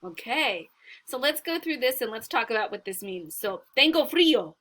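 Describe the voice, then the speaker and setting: A woman teaching Spanish to beginners, reading a short story aloud and explaining it word by word, slowly and patiently. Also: fairly high pitch, lively intonation, a bit bright.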